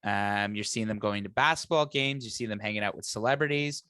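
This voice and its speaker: A man's voice: lowish voice, a little fast, pushed and bright, clear, resonant tone, dry recording. Upbeat male podcast host, dry close mic. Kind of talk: casual podcast chat.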